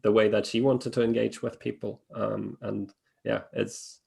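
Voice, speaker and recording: A man's voice: lowish voice, little pitch movement, a little slow, gravelly, darkish tone. A man hosting a webinar, talking casually with many fillers and restarts. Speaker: webinar host.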